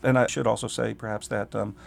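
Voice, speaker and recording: A man's voice: on the low side, level tone, vocal fry. A middle-aged man, a literature professor, talking in a thoughtful, digressive way in an interview, his voice a little scratchy. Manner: thoughtful, digressive, slows to read aloud. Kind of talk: conversational interview.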